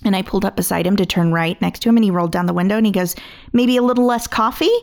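A woman's voice: lowish voice, racing, gravelly. A woman co-hosting a podcast, telling stories in casual chat and acting out what people said. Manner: animated storyteller, acts out quotes, laughs a lot. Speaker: podcast co-host.

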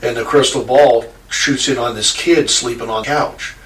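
A man's voice: medium pitch, steady tone, moderate pace, a bit bright. A man telling a rambling story to a friend, laughing and swearing casually. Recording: echoey room, distant mic, faint noise.

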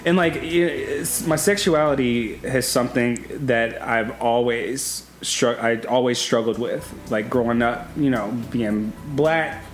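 A man's voice: mid-range voice, unhurried, hardly any pauses, soft background music. A man in his thirties, a podcast guest, talking candidly and laughing often, swearing freely. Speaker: podcast guest, former reality show contestant. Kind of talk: casual chat.

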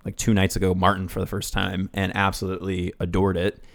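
A man's voice: sits low, monotone, a little fast, vocal fry. A man co-hosting a casual podcast, reading film facts and riffing on them with loose, rambling asides. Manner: rambling, reads facts then riffs, swears. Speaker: podcast co-host.

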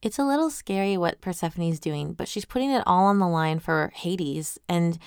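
A woman with a lowish, smooth and resonant voice talks through a webtoon episode in a casual way. She is animated and full of questions, and she reads viewer comments aloud as the host. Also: moderate pace, no echo, clean studio sound. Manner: animated, asks many questions.

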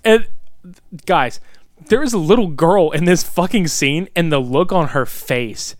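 A man's voice: on the high side, lively intonation, unhurried, dry recording, clean studio sound. A man casually recapping a bad movie, exasperated, swearing and groaning a lot. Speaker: co-host reviewing a film.

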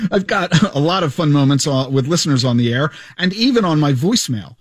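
A man hosts a radio show with a bright, high voice that leaps up and down as he tells his stories. The studio sound is dry and close, and he jokes his way through each anecdote. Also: a little fast, no room sound. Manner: animated, joking storyteller. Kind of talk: radio show retrospective monologue. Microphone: studio microphone.

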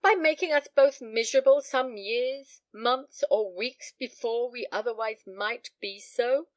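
A woman's voice: fairly high pitch, normal speed, dry recording, natural voice. A woman voicing an eager pleading young daughter. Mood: imploring.

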